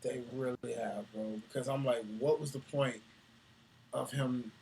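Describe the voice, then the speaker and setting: A man co-hosting a casual wrestling talk show, animated and slangy, laughing often. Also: mid-range voice, measured pace, gravelly, slightly rough. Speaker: podcast co-host.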